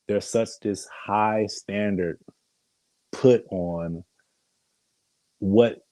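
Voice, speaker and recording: Podcast co-host, male, low mellow voice, slangy and hesitant, dry close sound. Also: dry recording, low-quality recording. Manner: animated, hesitant restarts, slangy ("dude"). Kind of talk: casual chat.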